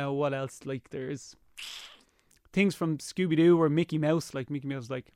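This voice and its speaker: A man's voice: medium pitch, fairly even intonation, moderate pace, darkish tone, smooth, dry recording, studio quality. A man chatting as a radio guest, joking and slipping into cartoon impressions. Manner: jokey, slips into cartoon voices. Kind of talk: casual chat.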